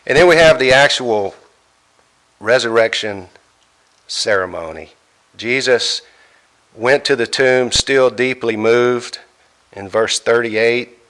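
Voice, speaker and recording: Slow, bright-voiced preacher man. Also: mid-range voice. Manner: slow, emphatic preaching with dramatic pauses and quoted scripture. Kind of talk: sermon.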